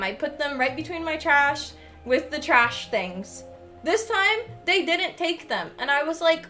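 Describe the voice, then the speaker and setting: A young woman with a high voice chats away on her livestream, gushing and cursing freely as she opens packages. Faint music plays underneath her voice. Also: animated, moderate pace, pushed and bright. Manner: chatty, swears freely, gushing. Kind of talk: casual chat while unboxing.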